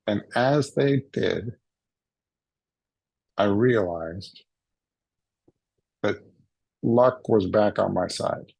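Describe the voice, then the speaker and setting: Slow, gravelly male storyteller. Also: fairly low pitch, a little mellow, no echo. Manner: playful, acts out quoted voices. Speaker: summit speaker. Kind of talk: humorous personal storytelling talk. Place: recorded for a virtual summit.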